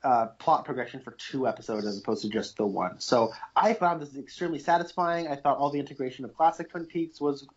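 A man's voice: medium pitch, fairly quick, hardly any pauses. A man co-hosting a podcast, talking eagerly and rambling with lots of fillers about a TV episode. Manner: enthusiastic, rambling with many fillers. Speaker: podcast co-host. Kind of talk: casual TV discussion chat. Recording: muffled lo-fi podcast audio.

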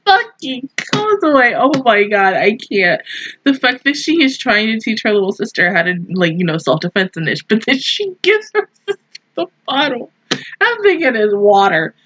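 A young woman in her twenties hosting an anime reaction, telling stories in a casual, animated way that keeps breaking into laughter. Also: medium pitch, moderate pace, breathy edge. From Southern United States. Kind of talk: casual review chat. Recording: dull lo-fi mic sound.

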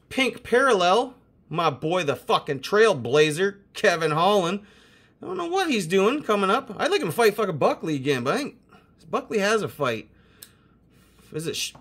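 A young man hosting a casual card-opening video, excitable and swearing constantly as he hypes each card. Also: high voice, husky. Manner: profane, excitable, hyped. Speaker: host opening sports cards.

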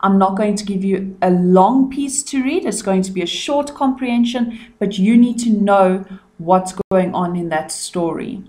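A South African woman teaching young children, pronouncing words clearly and repeating them in a revision lesson. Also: mid-range voice, unhurried, dark tone.

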